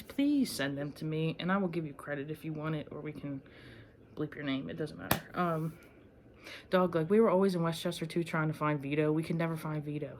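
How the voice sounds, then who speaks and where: A young female vlogger tells rambling, profane, animated stories straight to camera in a low voice, leaping from memory to memory with many fillers. Her pace is unhurried and chatty, and there's slight background noise.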